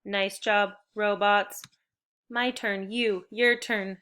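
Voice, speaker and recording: A woman teaches spelling to young children in a bright, crisp voice of medium pitch, speaking slowly with a steady tone. Upbeat and encouraging, she guides the class clearly through every step.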